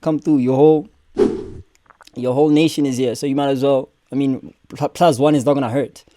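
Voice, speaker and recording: A man's voice: mid-range voice, fairly even intonation, fairly quick, a little hiss or hum. A young man, hosting a casual reaction stream and cursing and joking as he talks back at clips.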